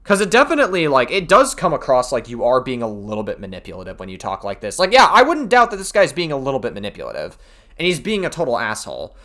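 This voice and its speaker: A man giving casual reaction commentary, rambling with many fillers and swinging from loud outbursts to quiet mumbles. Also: medium pitch, huge pitch swings, fast talker. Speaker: commentary streamer reacting to allegations.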